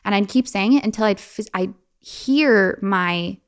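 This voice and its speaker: A woman's voice: medium pitch, unhurried, clean tone. A young woman, a podcast guest, telling a personal story in a casual, chatty way, with lots of "like" fillers and restarts. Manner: chatty, many "like" fillers and restarts, laughs often.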